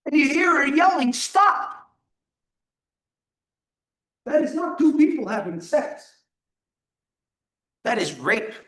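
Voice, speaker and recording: A man's voice: extremely high pitch, very animated, a little slow, long pauses. A man giving an emphatic live teaching talk, asking his audience rhetorical questions. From Turtle Island.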